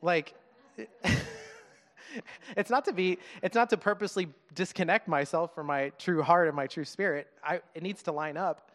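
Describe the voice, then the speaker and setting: A man's voice: sits high, lively intonation, a bit bright. Earnest man preaching in a reverberant hall. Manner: earnest, conversational, halting with restarts and laughs. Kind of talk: sermon. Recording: long reverb of a large hall.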